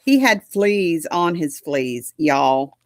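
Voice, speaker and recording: Slow-talking doting woman. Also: low-pitched, animated, no room sound, clean studio sound. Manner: folksy, doting, drawn-out talk, baby talk to her dog. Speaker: livestream host chatting with viewers. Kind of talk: casual chat to a live audience.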